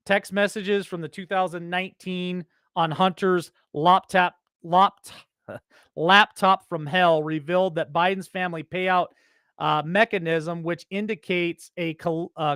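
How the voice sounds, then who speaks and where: A man's voice: sits high, smooth, no room sound, studio quality. A man hosting an opinion show, reading news headlines aloud and breaking off into heated, indignant commentary. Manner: reads headlines then breaks off into loud indignant rants.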